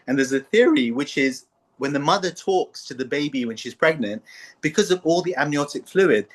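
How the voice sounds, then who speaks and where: A slightly higher-voiced man hosts a relaxed philosophical conversation. He talks in a playful, storytelling way and slips into little character voices. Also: moderate pace. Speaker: podcast host. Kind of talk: casual philosophical chat.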